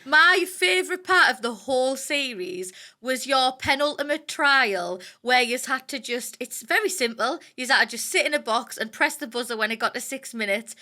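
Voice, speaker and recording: A woman hosting a casual chat, talking with chatty enthusiasm and quick asides. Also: high-pitched, animated, bright, forceful tone. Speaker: host.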